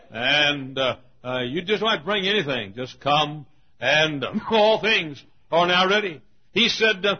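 A man preaching an evangelistic sermon from a church pulpit, swinging dramatically between ringing shouts and hushed low tones, with a rhythmic, repetitive delivery. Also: slightly rough. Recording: dull lo-fi sermon recording.

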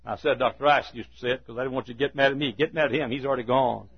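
An older man preaching a sermon in a church, telling a story in a folksy, chuckling way and swinging from hushed asides to loud, emphatic lines. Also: mid-range voice, fairly even intonation, rapid-fire, husky, muffled recording. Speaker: pastor.

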